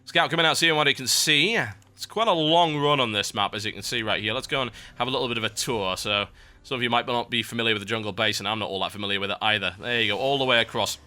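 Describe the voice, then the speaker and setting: A young British man casting a strategy game match with brisk, wry play-by-play and chatty asides. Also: medium pitch, sharp tone. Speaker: esports caster. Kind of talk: live game commentary.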